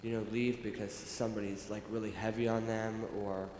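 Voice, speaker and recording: A man in the audience asking a halting question, full of fillers, in a temple hall. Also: on the low side, little pitch movement, a little mellow. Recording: roomy hall, faint background noise.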